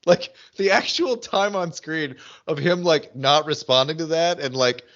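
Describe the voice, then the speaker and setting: A man co-hosting a podcast in casual chat, animated and full of restarts as he talks. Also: fairly high pitch, a little slow, dull audio. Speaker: podcast co-host. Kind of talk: casual chat recapping a TV episode.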